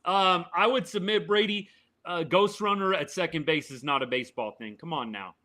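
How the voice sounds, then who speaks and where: A man hosting a live baseball reaction show, giving his opinions and answering viewer comments in a casual, animated way. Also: fairly high pitch, moderate pace. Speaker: sports podcast host. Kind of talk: live game reaction chat.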